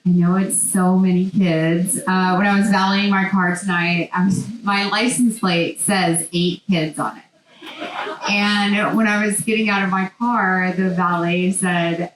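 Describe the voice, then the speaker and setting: Brief: woman, 40s, guest speaker, animated and chatty, with a faint hum behind her. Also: medium pitch, normal speed. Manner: chatty, animated storytelling with many fillers. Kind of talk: speech. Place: large hall. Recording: echoey hall sound.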